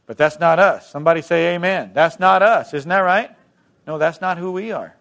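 Brief: male pastor mid-sermon, slightly high voice, emphatic, from booming to hushed. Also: moderate pace.

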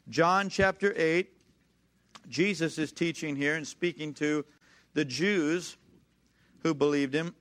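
A man preaching a sermon, repeating key phrases, reading scripture slowly and calling on the congregation to answer back. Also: on the high side, fairly bright tone. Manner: calls for congregation responses.

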